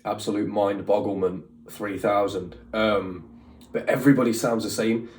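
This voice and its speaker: A man's voice: fairly low pitch, steady tone, moderate pace, a little mellow. A man hosting a reaction video, chatting casually and giving opinions in a rambling way with lots of fillers. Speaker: reaction channel host. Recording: roomy echo, mic at a distance, faint music.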